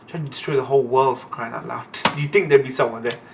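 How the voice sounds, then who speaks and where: A young man reading a manga aloud and reacting in a casual, profane, excitable way. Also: mid-range voice, quick pace, gravelly, distant mic, background noise.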